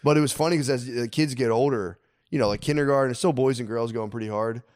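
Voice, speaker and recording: A man in his thirties co-hosting a podcast in casual chat, laid-back, profane and joking, often slipping into quick put-on voices. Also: mid-range voice, a little mellow, dry recording, studio quality. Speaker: podcast co-host.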